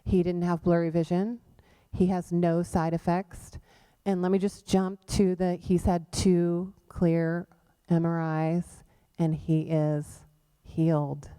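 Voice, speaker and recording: A woman's voice: lowish voice, takes it slowly, clear, resonant tone. A middle-aged woman telling her personal faith story as a guest speaker at a church women's event, acting out what people said. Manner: animated storytelling, acting out quoted voices. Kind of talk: personal testimony talk.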